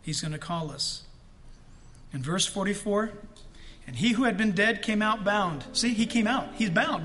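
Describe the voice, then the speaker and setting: A male pastor preaching a sermon with animated delivery, shouting the quotes he acts out and laughing often. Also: high voice.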